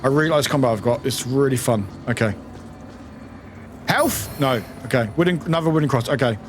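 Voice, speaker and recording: A British streamer who talks through a game live, exclaiming and repeating lines. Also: male voice, mid-range voice, brisk. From United Kingdom. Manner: excitable, exclaiming and repeating itself. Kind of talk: live gameplay commentary. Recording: noisy stream audio.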